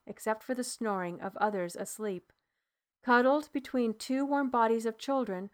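A woman narrating an audiobook in the first person, measured and soft, dropping low at dialogue tags.

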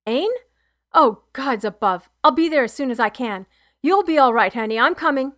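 A woman's voice: sits high, animated, normal speed, fairly bright tone, dry recording, clean studio sound, voice pushed up. A woman reading the lines of a man who was woken by a late call and comforts his partner with urgent reassurance.

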